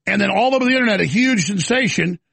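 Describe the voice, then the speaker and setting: A man's voice: high-pitched, animated, fast, creaky, fairly bright tone, slightly rough, dry recording. A man hosting a live talk show, ranting with stammering restarts into a studio mic.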